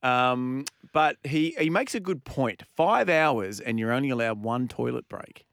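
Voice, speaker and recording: A man's voice: medium pitch, expressive, unhurried, gravelly, a bit bright, clean tone, dry recording, studio quality. A man co-hosting a radio show, chatty and laughing often. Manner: chatty, laughs between lines. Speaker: radio host. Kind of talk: casual radio banter.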